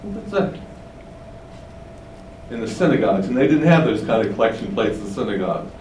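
A man's voice: on the low side, very animated, fairly quick, a little mellow, reverberant, far from the mic, slight background noise, poor audio. A man preaching an expository sermon in a conversational way, often asking rhetorical questions and building up emphasis. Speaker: pastor.

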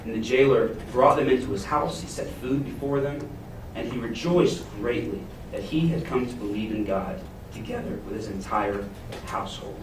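A man preaching a sermon, retelling a Bible story and acting out its characters' panic with lively emphasis. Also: medium pitch, normal speed, background noise. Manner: expressive, acts out the jailer's panic in a paraphrase. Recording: echoey room, heard from a distance.

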